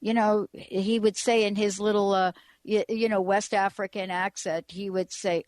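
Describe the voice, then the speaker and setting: A woman's voice: mid-range voice, steady tone, normal speed, hardly any pauses, darkish tone, dry recording. A woman hosting a talk radio show, chatting casually and rambling with frequent restarts.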